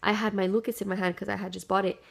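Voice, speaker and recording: A woman's voice: medium pitch, flat delivery, rapid-fire, creaky. A young woman telling a childhood story to her camera in a casual, chatty way, full of "like" and "dude". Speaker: vlogger.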